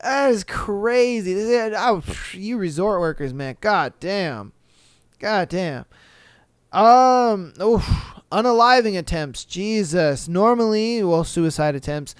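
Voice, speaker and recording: A man's voice: sits high, animated, takes it slowly, smooth, no room sound, studio quality. A man hosting a podcast, reading listener stories aloud and reacting with laid-back, profane, joking asides. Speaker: podcast host.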